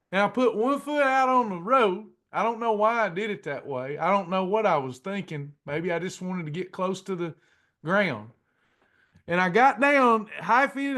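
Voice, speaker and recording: A middle-aged man telling a personal testimony to a class in a folksy, drawn-out way, acting out the dialogue. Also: sits high, a bit bright. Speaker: pastor and weight-loss class leader.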